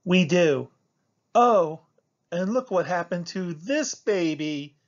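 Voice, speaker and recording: A young schoolgirl eagerly explaining things in a storybook, voiced by a man reading aloud. She talks slowly and a bit higher, and the recording sounds slightly dull. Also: expressive, lightly acted. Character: friendly young schoolgirl who knows about turtles.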